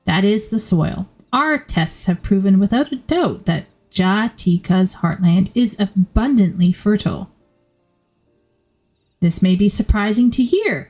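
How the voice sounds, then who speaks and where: A woman reading out a game's earnest young female scholar in a measured, explanatory way. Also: medium pitch, darkish tone. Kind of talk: reading game dialogue aloud.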